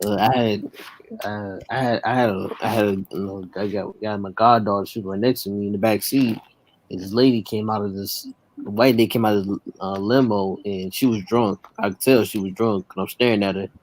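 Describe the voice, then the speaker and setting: A man with a fairly low voice, a guest on a casual live-stream chat. He stumbles and repeats himself as he tells a story, chuckling along the way. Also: fairly even intonation, darkish tone, rough recording. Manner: halting, repeats himself, chuckles while telling stories.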